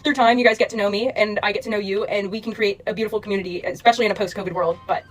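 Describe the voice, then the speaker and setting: Rapid, rambling young woman creator. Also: mid-range voice, fairly even intonation, faint music behind. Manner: rambling, filler-heavy, earnest. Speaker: social media creator. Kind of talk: casual monologue to followers.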